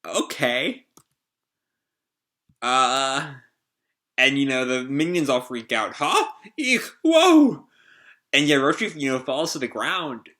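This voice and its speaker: A manga reaction host with a sharp, mid-range voice reads a comic chapter aloud during a casual live reaction, rambling with plenty of fillers and restarts.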